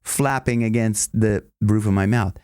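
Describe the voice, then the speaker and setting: A man's voice: lowish voice, steady tone, a little slow, a little mellow, clear, resonant tone, no room sound, studio quality. A male vocal coach explaining singing technique in a casual, enthusiastic, rambling way. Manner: enthusiastic, rambling, with many restarts and sung demonstrations.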